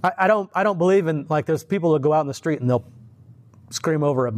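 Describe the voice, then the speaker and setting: A man's voice: on the high side, fast talker, no room sound, clean studio sound. A man giving an informal sermon, telling stories in a conversational way, with chuckles and frequent restarts. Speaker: lay preacher.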